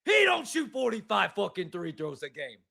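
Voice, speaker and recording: A man putting on a loud, angry male New York sports radio caller who rants and swears, with a New York accent. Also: sits high, huge pitch swings, normal speed, vocal fry, breathy edge, full character voice. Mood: shouting ranting. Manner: shouting, profane ranting.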